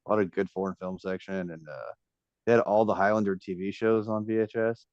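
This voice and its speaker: A man with a lowish voice reminisces casually as a podcast guest. His audio sounds dull and lo-fi, and the recording is dry, with no room sound. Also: fairly even intonation, brisk, a little mellow, dry recording.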